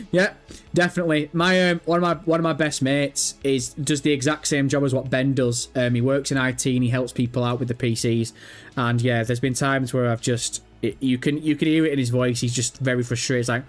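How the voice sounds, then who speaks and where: A man hosting a gaming livestream, chatting casually with viewers, sweary and jokey, mocking and animated. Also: mid-range voice, normal speed, faint music behind. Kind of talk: casual livestream chat reading viewer comments.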